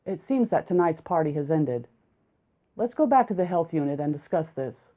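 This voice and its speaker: A calm, measured male village doctor asks his questions slowly in an audiobook, read by a woman slightly lower than her usual voice. The sound is thin and tinny, like a phone line.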